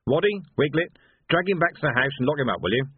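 A man voicing a gruff, weary watch sergeant who speaks bluntly and dryly, on a thin phone-like recording. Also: on the high side, lively intonation, quick pace, slight background noise, pitched above the performer's own voice, natural voice. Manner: blunt, dry, commanding. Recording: dry phone-like lo-fi sound.

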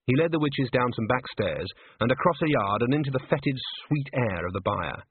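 A man reading a story aloud in an expressive storytelling manner. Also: mid-range voice, fairly quick, few pauses, breathy edge, no room sound. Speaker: audiobook narrator. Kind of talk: scripted narration. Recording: dry, tinny phone-like sound.

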